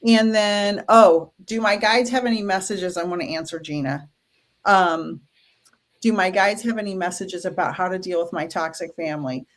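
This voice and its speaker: A woman's voice: on the low side, steady tone, moderate pace. A woman co-hosting a live stream, pulling cards and chatting playfully with viewers. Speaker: co-host. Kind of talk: live-stream card reading.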